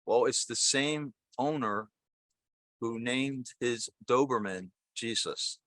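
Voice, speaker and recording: A man's voice: mid-range voice, slow, a bit bright, no echo. An older man voicing a pet parrot that chants a short prayer over and over, then delivers a dry punchline.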